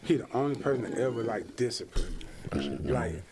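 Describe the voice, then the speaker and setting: A man in his thirties, a podcast guest, telling a lively story in casual chat, acting out the voices of people in it and laughing often. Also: on the low side, fairly quick, very noisy. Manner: animated storyteller, acts out quotes, laughs often. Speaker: podcast guest, former football player.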